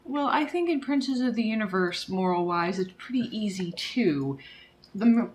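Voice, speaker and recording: A woman's voice: mid-range voice, animated, normal speed, a little mellow, roomy sound, poor audio. A woman playing a tabletop game, chatting casually and laughing easily. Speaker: player.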